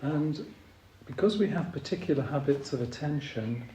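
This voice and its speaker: A man giving a dharma talk as a Zen teacher, hesitant with many pauses and ums, gently humorous. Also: on the high side, animated, slight background noise. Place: retreat meditation hall. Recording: roomy hall with faint ambience.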